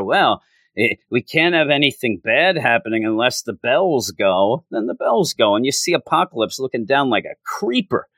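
A man's voice: big pitch swings, moderate pace, fairly bright tone, no room sound. Male comic reviewer, casual rant, sarcastic mimicry, dry close sound. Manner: exasperated, pitch jumping high in frustration; mocking mimicry of characters.

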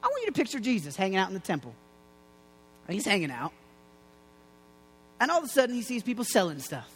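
A man with a high voice preaching a lively, jokey sermon, tossing out playful asides as he goes. His voice rings with the long reverb of a large hall. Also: fast talker, breathy edge.

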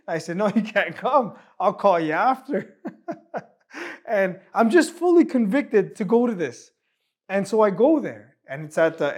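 A man from El Salvador telling his own life story in an interview, acting out the dialogue he quotes, with frequent restarts. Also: on the high side. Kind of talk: personal testimony in an interview.

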